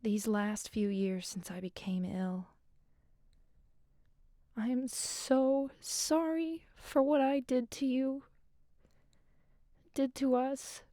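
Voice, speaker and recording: Dying wife, soft half-whisper, slow, mellow and dry, video game letter scene. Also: female voice, high-pitched, fairly even intonation, no echo. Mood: pleading. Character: dying wife reading her farewell letter. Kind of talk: voiced game letter reading.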